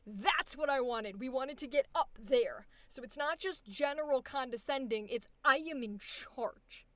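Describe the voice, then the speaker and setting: High bright woman, animated voice acting coach giving notes, dry sound. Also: moderate pace, no room sound. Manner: animated, emphatic, directive. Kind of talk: live directing session.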